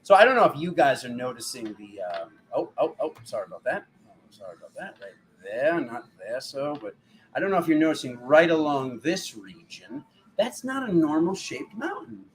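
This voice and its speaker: A man hosting a casual livestream, excitable and quick to laugh as he greets viewers by name. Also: fairly high pitch. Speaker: spiritual livestream host.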